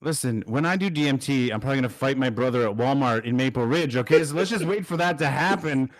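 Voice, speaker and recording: A man with a middle-pitched voice co-hosts a casual chat. He makes blunt, sarcastic points and scoffs at the topic. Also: fast talker. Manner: sarcastic and blunt, mocking takes. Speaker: co-host.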